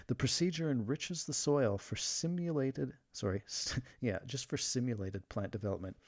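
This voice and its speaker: A man's voice: medium pitch, a little mellow. A man hosting a casual livestream, chatting and reading jokes aloud while sleeving trading cards. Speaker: livestream host.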